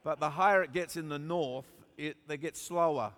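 An Australian man preaching a sermon, joking with the crowd and rising to emphatic shouts. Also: on the high side, normal speed. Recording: long reverb of a large hall.

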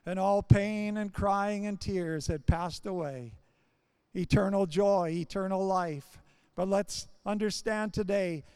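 A man's voice: high-pitched, darkish tone, smooth, dry recording. A man preaching a sermon, building his points in short, repeated phrases.

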